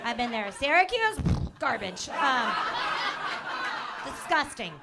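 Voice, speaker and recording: Speaking slowly in a high, very animated voice, a comedian works a live club crowd, teasing them and laughing between her jokes. Loud audience laughter and room noise fill the recording.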